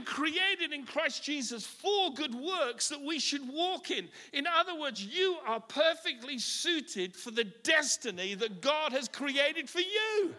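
A man's voice: very high voice, lively intonation, moderate pace, hardly any pauses, pushed and bright. A man preaching a sermon with passion, often repeating his words as he starts a line. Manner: impassioned, repeats words when starting lines. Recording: echoey hall.

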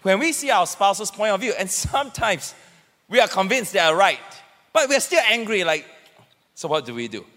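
A man preaching about marriage, acting out arguments in a lively, animated way. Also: high voice, moderate pace. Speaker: pastor. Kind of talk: sermon teaching with a couple. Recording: long hall reverb.

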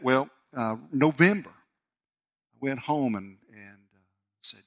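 A man, preaching a sermon as a pastor and telling a personal story with animated delivery. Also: unhurried, pauses often. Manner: storytelling, animated, voice rising high when excited.

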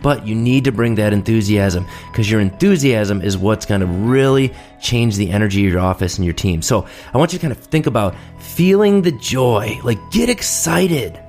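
A man in his thirties hosting a solo podcast, telling stories with lively enthusiasm and acting out quoted voices. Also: fairly low pitch, normal speed, hardly any pauses, soft background music. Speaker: podcast host, dentist. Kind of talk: casual solo podcast monologue.

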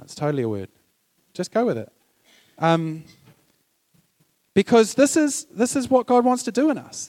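A man's voice: sits high, darkish tone. A man preaching a sermon in a conversational, storytelling way, acting out quoted dialogue and asking the congregation questions.

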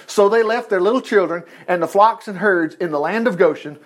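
A man's voice: high-pitched, fairly quick. A man preaching a sermon, reading scripture aloud and breaking in with folksy, laughing asides and acted-out voices.

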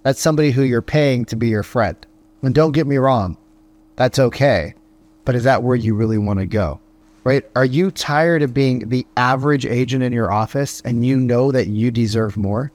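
A man's voice: mid-range voice, darkish tone. A man talking as a sales coach, firing off rhetorical questions and tagging his points with "right?". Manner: punchy rhetorical questions, frequent "right?" tags; acts out phone calls in quick voices. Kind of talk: motivational podcast monologue.

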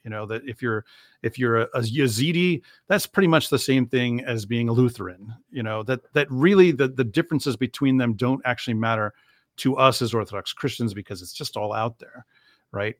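A man's voice: mid-range voice, brisk, no room sound, clean studio sound. A man answering an interview question at length, thoughtful and explanatory, with many fillers and restarts. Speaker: interview guest, Orthodox Christian speaker.

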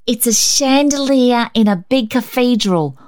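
A woman's voice: a little slow, dry recording, studio quality. A woman reading a storybook, voicing an eager, decisive little girl of about five. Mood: earnest. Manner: excitable, decisive, high and squealing.

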